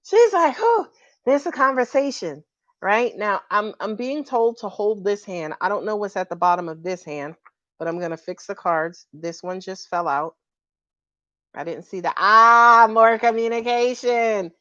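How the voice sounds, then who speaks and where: A woman doing a live-stream tarot reading, sassy and animated and laughing often. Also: medium pitch, moderate pace, dry recording, lo-fi sound. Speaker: tarot reader.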